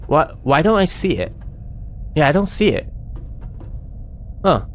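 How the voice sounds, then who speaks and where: A man's voice: on the high side, very animated, a little slow, slight background noise. A man streaming himself playing a horror game, talking to himself with panicky yelps and nervous laughs. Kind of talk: let's-play commentary.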